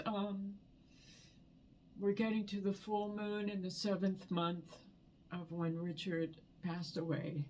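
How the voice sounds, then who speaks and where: Woman vlogger, emotional and near tears, slow halting delivery, faint background noise. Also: medium pitch, level tone. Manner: soft, halting, repeats words. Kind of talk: personal grief vlog.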